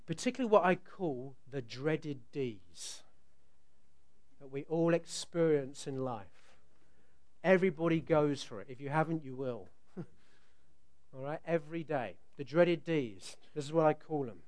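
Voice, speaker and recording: A middle-aged man preaching a sermon, telling a family story with animated, sometimes loud delivery. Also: on the high side, a little slow. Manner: animated storytelling, rising to loud outbursts when acting out scenes.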